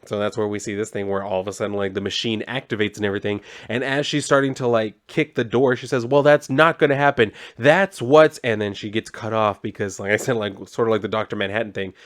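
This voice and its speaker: A young man giving a casual comic book review, rambling and relaxed with plenty of fillers. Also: fairly low pitch, fast talker.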